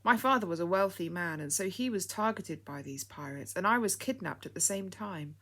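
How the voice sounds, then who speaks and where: A woman reading a children's story aloud as narrator, in a steady storytelling manner. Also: on the low side, normal speed.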